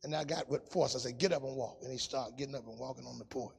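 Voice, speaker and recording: A man preaching a testimony sermon in a sing-song style, dropping to a hush and rising to shouts. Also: mid-range voice, steady tone, fast talker, gravelly, slightly rough, long reverb tail.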